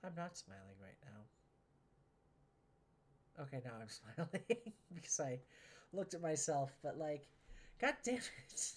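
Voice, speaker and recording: A woman's voice: low voice, expressive, measured pace, pauses often, warm tone. A woman streaming a train building game, talking casually to herself and viewers, sarcastic and exasperated, often swearing.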